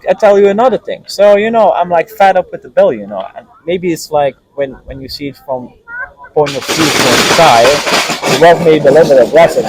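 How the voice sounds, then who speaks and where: Guy venting bout his girlfriend, husky, swings his pitch all over, kinda high. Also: low-quality recording. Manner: animated, frustrated, mimics the girlfriend's nagging. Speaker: guest telling his own story. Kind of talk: casual chat.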